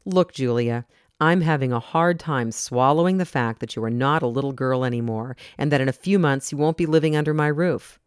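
A reader voicing a serious, protective middle-aged father in a storybook, speaking in a measured way. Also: medium pitch, clear, resonant tone, no echo, studio quality, lightly acted. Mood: tender. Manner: measured, grave. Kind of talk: storybook narration.

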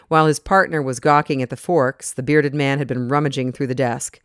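A reader narrating an audiobook story in an even, measured way. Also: mid-range voice, no echo, studio quality.

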